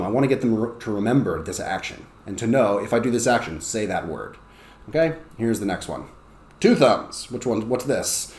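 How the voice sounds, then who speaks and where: A man teaching ESL, explaining and acting out classroom drills with bursts of excited, high calls. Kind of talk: teaching demonstration. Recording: roomy echo.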